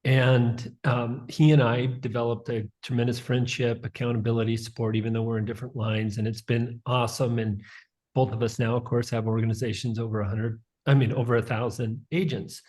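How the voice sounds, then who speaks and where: A man's voice: mid-range voice, flat delivery, fairly quick, darkish tone. A man who leads a team, talking casually and asking directly for a recommendation. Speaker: team leader. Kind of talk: casual conversation.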